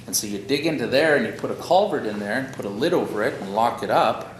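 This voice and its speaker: A Canadian man leading a workshop tells stories in a folksy, conversational way, sprinkling in plenty of "eh?" and "you know?". His mid-range voice is expressive and quick. The room is echoey, with audible noise.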